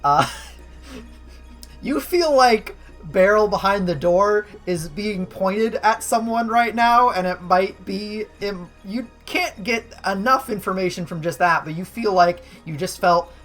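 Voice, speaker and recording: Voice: medium pitch, expressive, slow, fairly bright tone, soft background music. A game master narrating a tabletop game, rambling and full of fillers.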